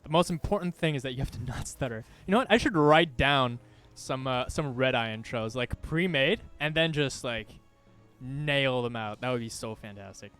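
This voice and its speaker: A man casting a strategy game replay with animated, chatty, self-deprecating commentary, often thinking out loud. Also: mid-range voice, normal speed, smooth, soft background music. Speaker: esports caster.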